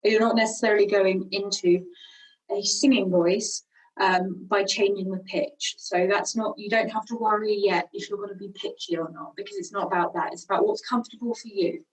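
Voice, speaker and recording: A woman teaching singing, calmly guiding a vocal warm-up with slow, encouraging cues. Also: medium pitch, distant mic, low-quality recording. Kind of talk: guided vocal warm-up lesson.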